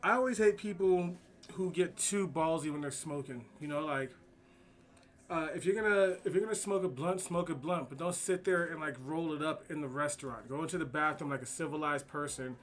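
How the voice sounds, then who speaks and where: A man's voice: on the high side, brisk, a little hiss or hum. Slangy, profane man telling stories. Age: adult with kids. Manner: profane, slangy, rambling anecdotes. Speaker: streamer. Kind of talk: casual storytelling while drawing.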